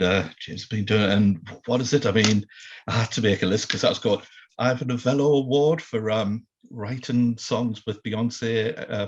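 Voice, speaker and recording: Male host, low husky voice, laid-back and filler-heavy, dull lo-fi recording. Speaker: interview host. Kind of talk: casual interview chat.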